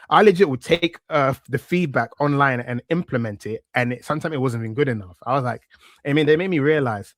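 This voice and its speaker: A man's voice: mid-range voice, fast, no echo, studio quality. A man in his thirties from East London with a thick East London accent, chatting reflectively as a podcast guest with plenty of fillers. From East London, England. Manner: relaxed and reflective, many fillers and restarts. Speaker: podcast guest, wrestling media presenter. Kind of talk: casual interview chat.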